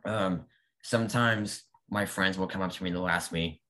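A man's voice: low voice, moderate pace. A young man in his late teens, a young author, chatting casually in an interview and animatedly acting out the people he quotes. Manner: animated, acts out quoted people, laughs often.

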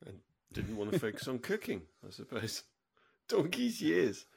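A man's voice: medium pitch, big pitch swings, moderate pace, gravelly, darkish tone, husky. A man co-hosting a casual podcast chat, explaining slang with enthusiasm and acting out little quoted lines. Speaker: podcast co-host.

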